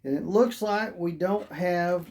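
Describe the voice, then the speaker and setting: A hoarse toy reviewer who says they are losing their voice, narrating an unboxing in a chatty, rambling way and thinking out loud. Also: medium pitch, slow pace, background noise.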